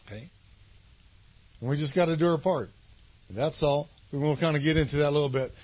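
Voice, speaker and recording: A male pastor gives a casual, conversational sermon, wandering through his points and often checking in with his listeners. His voice sits somewhat high. The recording is muffled and lo-fi. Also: fairly quick. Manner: conversational, rambling, asks for agreement.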